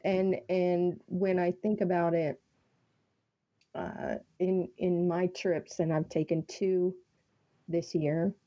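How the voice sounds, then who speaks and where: A woman's voice: on the low side, level tone, slow, dark tone. A woman co-hosting a casual podcast, teasing and playful. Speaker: podcast co-host. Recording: dull lo-fi sound with hiss.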